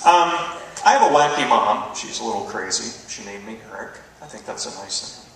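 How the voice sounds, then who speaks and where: A man doing a stand-up comedy set, animated and acting out quoted voices. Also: lowish voice, brisk, a little hiss or hum. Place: large hall with live audience. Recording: echoey hall, distant mic, loud crowd laughter.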